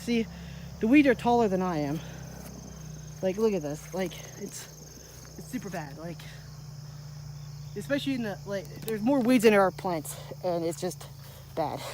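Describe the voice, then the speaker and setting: A woman's voice: mid-range voice, mellow, slight background noise. A young woman walking and talking through her garden for her daily vlog, rambling and chatty with lots of "like". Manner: rambling, chatty, frequent "like" fillers. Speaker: daily vlogger. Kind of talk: casual walk-and-talk vlog. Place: outdoors in a garden. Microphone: handheld camera while walking.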